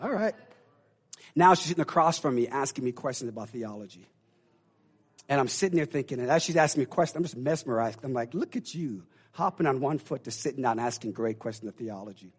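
A middle-aged male pastor preaching a sermon, swinging from loud emphatic declarations to hushed low asides with call-and-response phrases. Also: quick pace, breathy edge.

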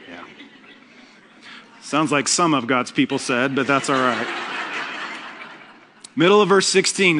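A man preaching a sermon as pastor, telling the story with humor and lively asides. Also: a little high.

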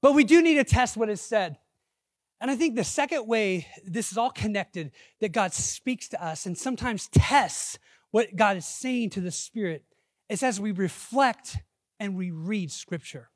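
A man preaching a sermon as pastor, conversational and animated, acting out quotes. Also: high-pitched, unhurried, no room sound, clean studio sound.

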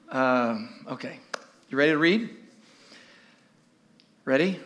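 High, bright-voiced preacher man. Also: a little slow. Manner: animated, repeats questions to the congregation. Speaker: pastor. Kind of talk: sermon. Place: church with live congregation.

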